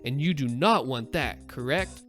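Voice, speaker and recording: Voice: mid-range voice, lively intonation, measured pace, a bit bright, faint music behind, voice pushed down. Narrator putting on a mock-polite call-center agent. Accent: put-on Indian accent. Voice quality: formal, courteous phrasing. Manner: mock-polite, slyly sarcastic.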